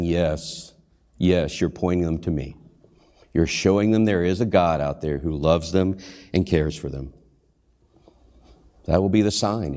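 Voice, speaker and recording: Deep-voiced man preaching in a reverberant church. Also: dark tone. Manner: earnest, questioning, acts out short quotes. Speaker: pastor and hospital chaplain. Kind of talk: sermon. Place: church sanctuary. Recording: long hall reverb.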